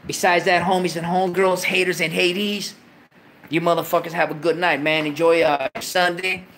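A man's voice: high voice, little pitch movement, normal speed, a bit bright, slight background noise. Slangy, joking man. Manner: slangy, profane, joking, laughs often. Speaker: livestream host. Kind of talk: casual late-night livestream chat.

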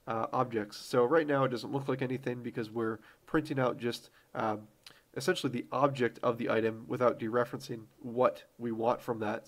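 A man hosting a screen-recorded programming tutorial, relaxed and thinking aloud with fillers as he types code. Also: mid-range voice.

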